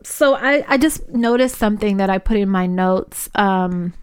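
Woman, podcast co-host, casual chat, teasing, profane, medium pitch. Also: unhurried, clean tone, no room sound. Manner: profane, teasing, laughs often.

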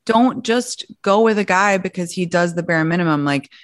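A woman's voice: lowish voice, normal speed, no room sound. A young woman in her twenties with an American accent, chatting casually as a podcast host and leaning on lots of "like" fillers. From born in the US, grew up in London. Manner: chatty, many "like" fillers and restarts. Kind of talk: casual chat.

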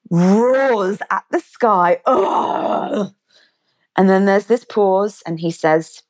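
Woman retelling a story vividly. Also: lowish voice. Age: 30s. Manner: vivid, animated retelling with quoted dialogue. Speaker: guest. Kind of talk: storytelling in an interview.

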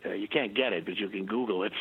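An older man, a guest in an interview, telling anecdotes in a halting way with many restarts and chuckles. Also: lowish voice, creaky, slightly rough, narrow, tinny audio. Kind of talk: rambling anecdotal conversation.

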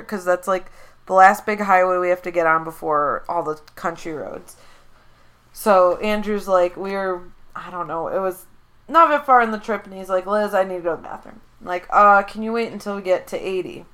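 A woman's voice: medium pitch, sharp tone, clear, resonant tone. A young adult woman co-hosting a casual podcast, playful and teasing, laughing often. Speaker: podcast co-host. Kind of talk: casual chat.

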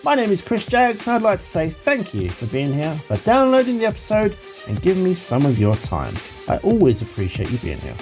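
A woman's voice: fairly low pitch, wildly swooping pitch, a little fast, a little mellow, soft background music. A woman hosting a podcast, reading a polite, grateful scripted introduction. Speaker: podcast host.

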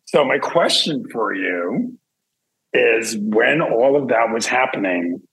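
A middle-aged man, a guest journalist, chatting quickly with laughs and side remarks. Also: mid-range voice, animated, a bit bright, breathy edge, low-quality recording. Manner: quick, laughs mid-sentence, chatty asides. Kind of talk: casual chat.

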